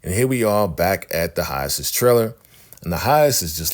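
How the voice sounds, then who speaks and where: Excitable man recapping a TV episode. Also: low-pitched, normal speed. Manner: excitable, retells scenes by imitating characters. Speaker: recap host.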